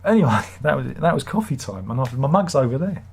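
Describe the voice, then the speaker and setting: A man's voice: mid-range voice, big pitch swings, brisk, creaky, darkish tone, husky. A man hosting a live stream, reading chat comments and grumbling sardonically in a rambling, casual way. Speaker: livestream host.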